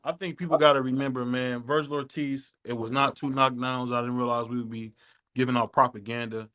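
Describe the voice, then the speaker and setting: A laid-back man hosts a boxing podcast in casual chat, with loose shout-outs to listeners. His voice sits at an ordinary middle pitch. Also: little pitch movement, fairly quick. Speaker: podcast host.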